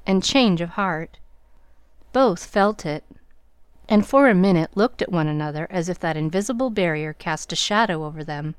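A woman narrating a classic novel in a measured, even storytelling manner. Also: on the low side, clear, resonant tone, no room sound. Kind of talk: audiobook narration.

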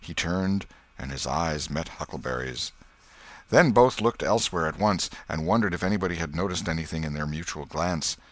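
A man narrating a classic novel as an audiobook with an expressive, dramatic reading. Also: low-pitched, normal speed.

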